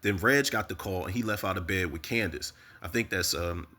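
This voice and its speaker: A man casually recapping a TV episode, animated and profane, talking straight to his viewers. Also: low voice, fairly quick. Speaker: TV recap host.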